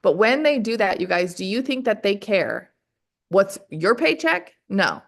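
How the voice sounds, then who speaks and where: Energetic woman sales trainer, mid-range voice, fires off rhetorical questions and keeps addressing the team directly. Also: mid-range voice, unhurried, vocal fry. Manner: energetic, keeps calling the audience "you guys". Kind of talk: motivational training call.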